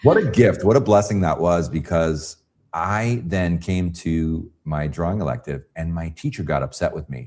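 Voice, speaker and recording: A man with a very low, deep voice, a guest artist on a podcast. He tells his story in a casual, animated way, slipping into other people's voices as he quotes them. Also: normal speed.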